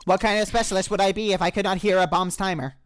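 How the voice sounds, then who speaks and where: A man's voice: high voice, steady tone, quick pace, slight background noise, pitched above the performer's own voice, natural voice. A man voicing a sleazy, smug male bomb expert, his voice pushed back into the throat. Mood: solemn.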